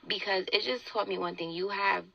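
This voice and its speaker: A young woman telling a story in a casual podcast chat, animated and indignant, acting out the quotes she tells. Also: mid-range voice, a little fast, creaky, highs cut off, a loud crowd.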